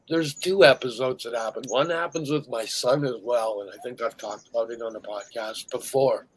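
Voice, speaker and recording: A man's voice: medium pitch, a little hiss or hum, rough recording. A middle-aged man co-hosting a podcast, telling a painful memory candidly and dropping almost to a whisper at the heaviest moments. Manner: emotional storytelling, drops to a near whisper at heavy moments. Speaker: podcast co-host. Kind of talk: candid conversation.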